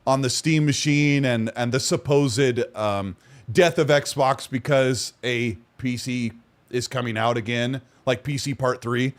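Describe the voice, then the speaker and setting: A man's voice: mid-range voice, steady tone, measured pace. A man hosting a gaming podcast, chatting casually, teasing his co-host and reading from the chat. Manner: teasing, reads chat aloud.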